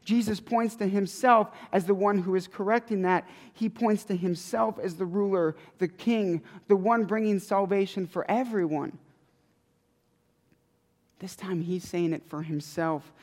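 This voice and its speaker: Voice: medium pitch, fairly even intonation, measured pace, a little mellow. A preacher giving a sermon in an emphatic, conversational way, with lots of repetition. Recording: long hall reverb.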